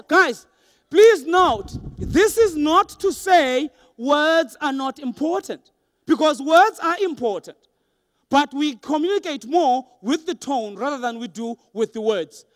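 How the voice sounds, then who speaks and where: High-voiced animated man speaking. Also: no room sound. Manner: animated, acts out quoted voices for laughs. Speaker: motivational speaker. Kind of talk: motivational keynote speech. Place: large hall with a live audience.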